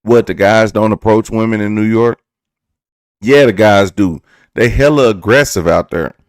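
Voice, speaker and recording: A man's voice: fairly low pitch, moderate pace, no room sound, studio quality. A young man hosting a casual storytime vlog, talking loosely and jokingly, now and then mimicking other people's voices. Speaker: vlog host.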